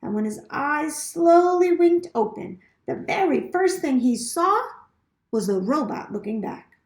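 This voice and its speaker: A woman reading a children's novel aloud with expressive storytelling. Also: sits high, measured pace, roomy sound. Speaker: reader.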